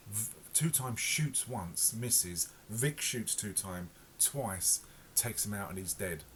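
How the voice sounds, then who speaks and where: A man's voice: lowish voice, slight background noise. A man reviewing a TV episode in casual, rambling talk full of fillers and self-corrections. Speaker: podcast reviewer.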